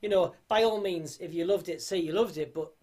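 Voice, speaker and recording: Male co-host, slightly high voice, jokey banter. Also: a little fast, darkish tone. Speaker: co-host of a livestream. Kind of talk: casual chat.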